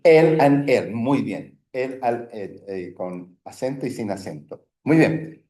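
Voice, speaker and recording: A man's voice: medium pitch, animated, a little slow, mellow. A man teaching an adult language class as the teacher. He is patient, and he stops often to repeat himself and confirm answers. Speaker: Spanish teacher. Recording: echoey room sound.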